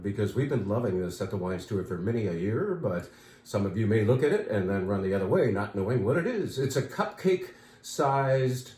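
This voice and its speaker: A chatty, enthusiastic man with a lowish voice talks up new products in a casual, rambling way. His voice rings in a roomy, echoey space. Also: mellow. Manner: chatty, enthusiastic, with fillers and asides. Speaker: wine shop host.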